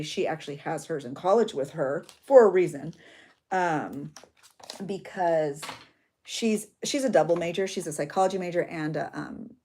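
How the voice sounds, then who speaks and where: A woman's voice: sits low, darkish tone. Middle-aged woman, chatty emotional craft vlogger. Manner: chatty, emotional, tearful at times. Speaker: journaling channel host. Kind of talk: chatty crafting vlog talk.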